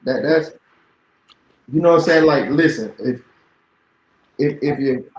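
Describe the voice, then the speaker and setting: Man giving relaxed advice in an echoey room. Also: on the high side. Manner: halting, restarts, slang, "you know what I'm saying". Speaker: podcast co-host. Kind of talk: casual advice chat.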